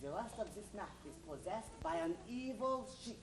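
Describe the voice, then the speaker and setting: A woman's voice: medium pitch, animated, normal speed, lightly acted. A woman playing a scheming informant who swaps between a mock French accent and a mock German accent, hammy and theatrical. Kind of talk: amateur stage comedy. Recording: roomy stage audio from far off, noisy.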